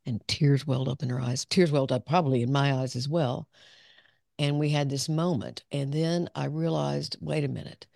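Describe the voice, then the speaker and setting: A woman's voice: a bass voice, creaky, mellow, dry recording, clean studio sound. A woman psychologist telling her own story as a guest in an interview, reflective and open, often laughing. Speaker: clinical psychologist, podcast guest. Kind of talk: candid personal storytelling.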